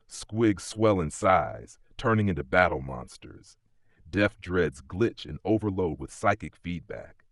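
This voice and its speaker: A man's voice: low voice, animated, unhurried, no echo, clean studio sound. A man telling an epic story in scripted dramatic narration.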